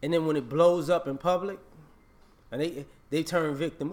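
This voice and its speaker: A man's voice: a little high, steady tone, normal speed, darkish tone. A man vlogging a casual opinion rant, emphatic and repetitive, scolding and laughing.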